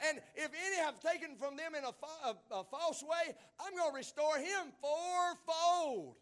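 A man preaching a sermon in a church, emphatic, dropping to low murmurs and then rising to shouted exclamations. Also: measured pace, hardly any pauses.

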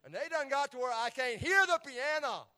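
A middle-aged man preaches in a striking, very high voice. He tells his testimony animatedly, dropping to near whispers and then rising to shouts, and repeats phrases for emphasis. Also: animated, normal speed. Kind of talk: sermon storytelling.

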